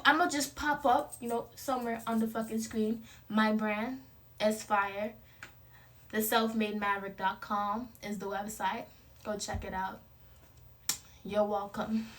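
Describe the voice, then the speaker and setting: A woman's voice: on the high side, a bit bright. A young woman, talking casually at home to camera about confidence, loose and playful with lots of slang. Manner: loose, profane and playful, laughs often. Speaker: vlogger promoting her clothing brand. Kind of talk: casual motivational talk to camera.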